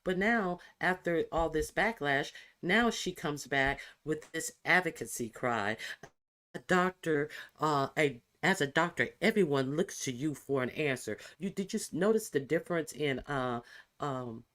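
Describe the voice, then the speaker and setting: A man hosting a casual reaction commentary, halting, with many fillers and restarts. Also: fairly high pitch, lively intonation, sharp tone. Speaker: commentary video host.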